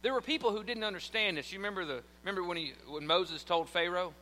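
A man's voice: high voice, fast talker, bright, forceful tone. A man preaching a sermon in church, telling a story animatedly and acting out the quotes. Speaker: pastor. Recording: long hall reverb.

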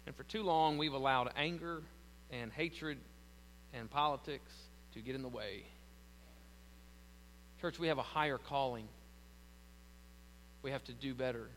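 A man's voice: mid-range voice, fairly even intonation, unhurried, long pauses, a bit bright, in a large hall, slight background noise, poor audio. A man with a Southern American accent preaching a sermon as pastor, building to emphatic lines and then telling stories with frequent restarts.

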